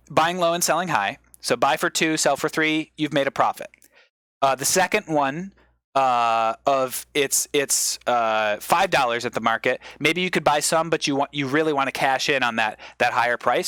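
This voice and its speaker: A male comedian on a live stream, giving an improvised mock lecture as a rambling explainer with sudden excited bursts. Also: mid-range voice, moderate pace, no room sound.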